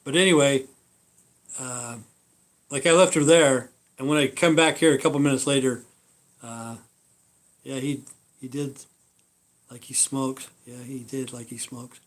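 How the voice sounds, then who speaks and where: A man's voice: mid-range voice, fairly even intonation, unhurried, long pauses. A man hosting a live stream, telling stories in a meandering, profane way. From Idaho. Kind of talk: rambling casual live-stream chat.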